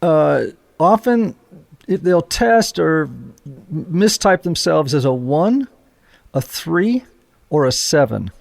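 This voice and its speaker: A man's voice: a little high, big pitch swings, slow pace, gravelly, long pauses. A man hosting a podcast, explaining ideas to his guest in a thoughtful, conversational way. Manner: thoughtful, explaining with fillers and restarts. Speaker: podcast host. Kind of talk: conversational interview.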